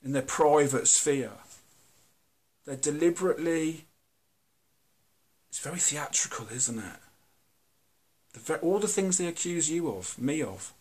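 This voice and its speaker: A British man talking to camera in a candid, earnest monologue, blunt and halting, often restarting his sentences. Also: on the high side, animated, darkish tone. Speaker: video host.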